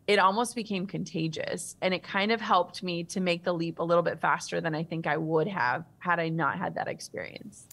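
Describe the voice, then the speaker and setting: A woman in her thirties, a guest author in an interview, telling a personal story in a vivid, animated way. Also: lowish voice.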